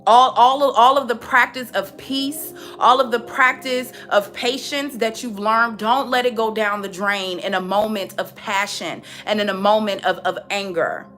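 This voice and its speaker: A woman's voice: mid-range voice, moderate pace, few pauses, pushed and bright, soft background music. A young woman giving a spiritual reading in a frank, chatty way, often repeating herself when she gets going. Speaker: tarot reader. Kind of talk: spiritual reading, casual monologue.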